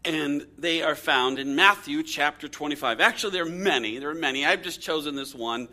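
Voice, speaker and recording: A man preaching a sermon, telling stories and reading scripture with big swings of pitch and loudness. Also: a little fast. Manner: storytelling with dramatic swings in pitch and volume. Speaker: pastor.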